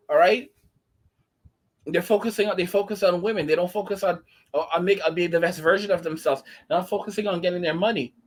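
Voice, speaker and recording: Ranting man with a high voice. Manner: indignant, rambling, many restarts. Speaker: commentary channel host. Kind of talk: ranting casual commentary.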